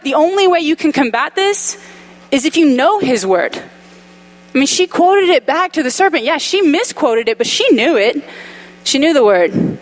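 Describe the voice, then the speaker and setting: A woman preaching a sermon in a conversational, animated way, acting out quoted voices with humorous asides. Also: sits high, low-quality recording. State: dry mouth.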